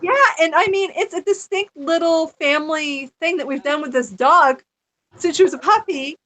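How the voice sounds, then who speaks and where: A middle-aged woman telling a personal story as a podcast guest, animated and chatty, often laughing. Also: high-pitched, moderate pace. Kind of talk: casual storytelling chat.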